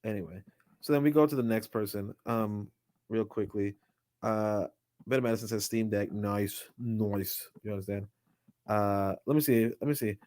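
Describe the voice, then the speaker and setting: A man's voice: fairly low pitch, moderate pace, no room sound, studio quality. A man reading a history book aloud on a live stream from a handheld computer, breaking off often into loose, slangy commentary full of fillers and restarts. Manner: loose slangy talk with many fillers and restarts, shifting to steady reading of passages. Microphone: handheld portable computer.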